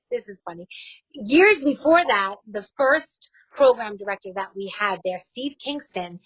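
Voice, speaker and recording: A woman in her forties with a New York accent, a radio host telling her story in a casual interview, candid and quick to laugh. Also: fairly high pitch, fairly bright tone, no room sound, low-quality recording.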